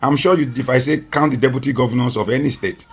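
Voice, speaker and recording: A man's voice: medium pitch, quick pace, husky. A Nigerian man speaking as a political guest on a TV interview, making emphatic points with rhetorical repetition. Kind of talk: TV interview commentary.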